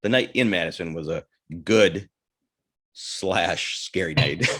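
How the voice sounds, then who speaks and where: Low-voiced yet fairly bright, with lively intonation, this podcast co-host takes his time. In relaxed storytelling chat, he wanders through a crude anecdote, interrupting himself and restarting often.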